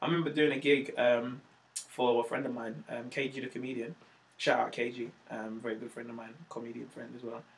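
A young man, a stand-up comedian chatting casually and telling animated, slangy stories, acting out the voices of the people in them. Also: medium pitch, a little fast, vocal fry, a little hiss or hum. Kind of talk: casual storytelling chat.

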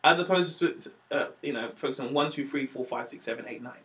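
A male stand-up comedian from Wales talks casually in a podcast interview, telling animated stories and acting out the voices of the people in them. His voice is mid-range and his pace is quick.

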